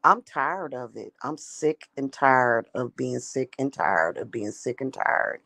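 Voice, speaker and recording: Gravelly-voiced woman talking slow in a dry room, rambling vlog chat, keeps repeating herself. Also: a bass voice, lively intonation, a bit bright, no echo. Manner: rambling and repetitive, with emphatic restarts. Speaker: spiritual practitioner. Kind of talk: casual monologue vlog.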